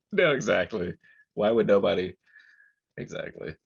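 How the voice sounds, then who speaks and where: Very deep-voiced man, dull lo-fi sound. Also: very animated, unhurried, vocal fry, husky. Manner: laughs easily, loose conversational phrasing. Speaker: podcast co-host. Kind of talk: casual chat.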